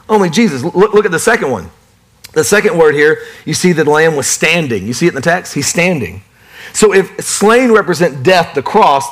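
A man preaching a sermon in a folksy, lively way. He moves between playful asides and hushed, solemn emphasis. His voice sits a little high for a man. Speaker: pastor.

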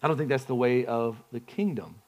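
A man's voice: medium pitch, brisk. A man preaching a sermon in a conversational way, often putting questions to the congregation and restarting his phrases. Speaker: pastor.

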